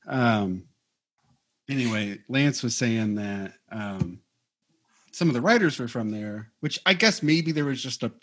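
A man's voice: medium pitch, expressive, measured pace, a bit bright. A man co-hosting a podcast in casual chat, rambling and hesitant, with many fillers and restarts. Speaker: podcast co-host.

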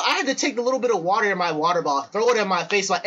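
A man's voice: high voice, expressive, fast, hardly any pauses, bright, forceful tone, slight background noise. A young man hosting a casual podcast chat, telling stories in slangy, profane talk and acting out quoted lines. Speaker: podcast host. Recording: dull lo-fi recording.

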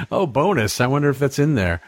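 A man co-hosting a podcast in casual chat, joking quickly and laughing easily. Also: on the high side, slightly rough, no echo, clean studio sound. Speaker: podcast co-host.

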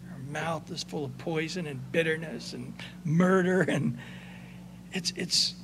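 A man preaching a sermon as pastor, conversational, moving between soft passages and emphatic points. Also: fairly high pitch, measured pace, a little hiss or hum.

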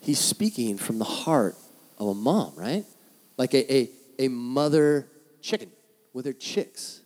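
A man preaching a sermon as the pastor, telling stories in an animated way and acting out the voices of people he quotes. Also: medium pitch, measured pace.

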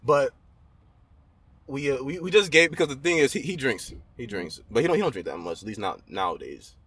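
A man talks in loose, slangy podcast chat, stumbling over restarts as he tells a story. His pitch moves up and down a lot, at a middle height for a man. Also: animated, fairly quick, fairly bright tone, husky. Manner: loose slangy talk, many restarts and backchannels. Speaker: podcast co-host. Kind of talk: casual chat.

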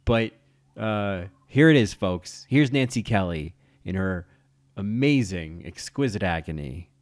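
A man's voice: fairly low pitch, lively intonation, unhurried, no echo. A man hosting a podcast, gushing about film performances in a campy, enthusiastic way. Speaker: podcast host. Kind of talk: casual film commentary.

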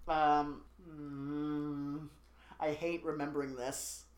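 A podcast co-host chats casually, recapping a movie plot in a rambling, jokey way full of fillers and quick asides. The voice sits at medium pitch with a flat delivery, and the recording has a roomy echo.

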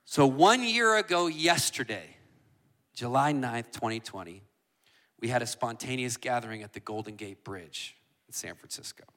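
Bright-voiced man preaching with passion. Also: medium pitch, animated, moderate pace. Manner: passionate, builds to shouting. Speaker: guest preacher and worship leader. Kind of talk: sermon.

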